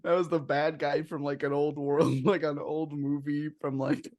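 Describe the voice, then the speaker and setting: A man's voice: a little high, level tone, normal speed, a little mellow, dry recording, studio quality. Joking man reacting on a podcast. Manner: joking reactions and teasing asides. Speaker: podcast co-host hearing the recap. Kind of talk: casual movie recap chat.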